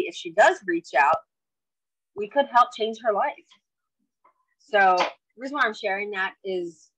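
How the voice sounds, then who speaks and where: A woman's voice: mid-range voice, a bit bright, dry recording, low-quality recording. A woman telling a story on a video call in a chatty way, acting out both sides of a conversation. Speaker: network marketing distributor sharing a story.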